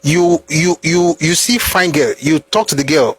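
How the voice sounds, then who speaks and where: A man with a Nigerian accent giving animated, opinionated commentary on history, full of rhetorical questions and bits of pidgin. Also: a little high, measured pace, breathy edge.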